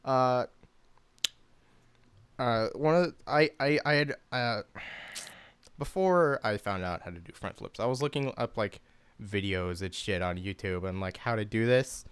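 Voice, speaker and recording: A man's voice: fairly low pitch, expressive, measured pace, pauses often, smooth, no room sound. A young man telling a personal story in a loose, rambling way, full of swearing, fillers and restarts. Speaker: commentary YouTuber. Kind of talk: casual storytelling.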